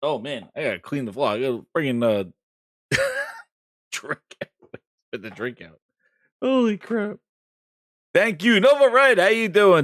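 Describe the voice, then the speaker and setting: A man hosting a casual gaming live stream, boisterous and swearing, reading out shout-outs to chat. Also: sits high, animated, normal speed, pauses often, soft background music. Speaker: livestream gaming show host.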